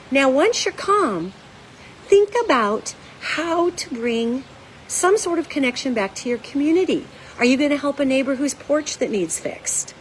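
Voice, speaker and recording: Woman host, high voice, urgent and emphatic, folksy, blunt, talks straight to viewers. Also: slight background noise, poor audio. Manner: folksy and blunt, casual swearing. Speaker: psychic commentator and show host. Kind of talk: direct-to-camera monologue.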